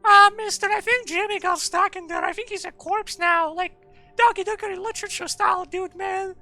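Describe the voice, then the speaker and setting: Squeaky slangy schoolboy, very high and bright, as a man puts him on. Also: normal speed, faint music behind, exaggerated voice. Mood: tattling.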